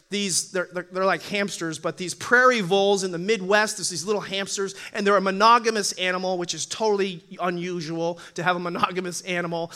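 A male pastor preaching a humorous sermon in church, telling animated stories and acting out voices with frequent laughter. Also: sits high. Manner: animated storytelling, acts out voices, laughs often.

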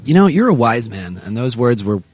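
A man's voice: medium pitch, sing-song, fairly quick, darkish tone, slightly rough, dry recording. A man in a backstage dressing room, joking and teasing his bandmate in casual banter. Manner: joking, teasing, laughs often. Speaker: band member hosting a backstage chat.

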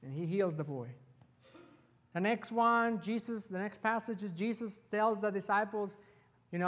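A man preaching a sermon as pastor, telling the story with animated delivery and acting out the quoted lines. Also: high-pitched, moderate pace, big-room sound. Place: church sanctuary.

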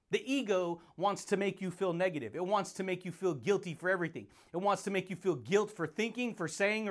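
Male podcast host, high voice, playful hype-man motivational delivery with lots of laughter. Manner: hyped, playful, laughs often, calls listeners baby and buddy. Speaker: podcast host, self-help speaker. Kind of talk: motivational monologue.

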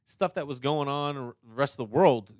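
A man with a Boston accent, a stand-up comic chatting casually as a podcast guest, animated and swearing freely. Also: mid-range voice, brisk, no echo. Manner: animated storyteller, swears, lots of "you know what I mean".

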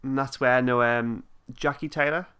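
A man chatting casually as a podcast co-host, low-key with brief replies. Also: steady tone, moderate pace, sharp tone, smooth. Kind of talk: casual chat.

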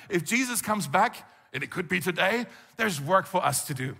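A man preaching a conversational sermon as a pastor, animated, with frequent rhetorical questions to the congregation. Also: sits high, fast talker, vocal fry, hardly any pauses, long reverb tail. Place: church hall.

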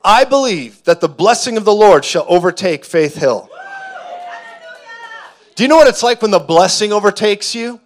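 Male preacher, fervent sermon delivery with shouting peaks, mid-high voice. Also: animated, normal speed, pauses often, a faint crowd, a little hiss or hum. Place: church hall before a congregation.

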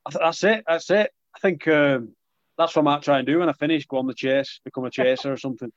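A young rugby league player gives a casual, chatty interview, self-deprecating and full of restarts. His voice is a little high and quick, and the recording is dry and dull with no echo.

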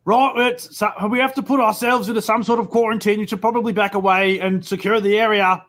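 A man playing a tabletop role-playing game and speaking in character with lively chatter. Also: high voice, fairly quick. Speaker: player.

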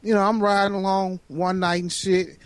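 A man telling a profane, animated story on a casual podcast chat. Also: high-pitched, normal speed, no echo. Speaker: podcast co-host.

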